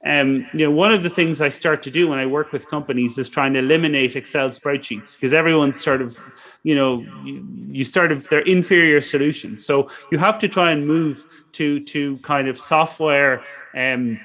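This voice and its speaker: A man's voice: a little high, normal speed, fairly bright tone. Middle-aged male guest lecturer for an online startup session, casual, rambling delivery with lots of "you know.". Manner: loose and conversational, peppered with "you know" and self-corrections.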